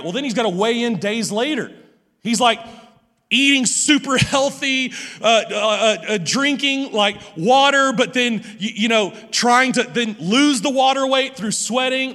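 A middle-aged man, a pastor preaching a sermon. He tells a personal story with many repeated words and restarts, moving between hushed and loud passages. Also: very high voice. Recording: long hall reverb.

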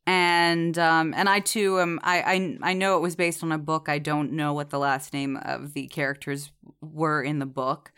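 A woman's voice: sits low, flat delivery, moderate pace, hardly any pauses, fairly bright tone, clear, resonant tone. A woman co-hosting a podcast in casual chat, chatty and digressive, with many fillers and frequent laughter. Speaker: podcast co-host reviewing a TV series.

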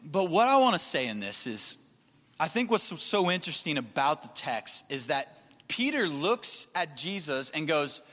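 A man's voice: high voice, lively intonation, moderate pace, pushed and bright, long reverb tail. A man preaching a sermon as pastor, talking in an earnest, conversational way. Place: church sanctuary.

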